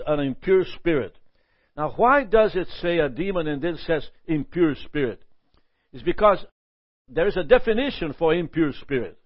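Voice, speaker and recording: A man teaching a Bible lesson in a lively sermon style, often asking "Amen?" and chuckling. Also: a little high, no echo, muffled recording.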